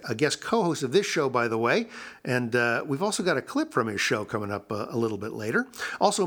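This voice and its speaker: A man's voice: a little high, fairly bright tone. A man hosting a podcast, making chatty announcements with small asides. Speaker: podcast host.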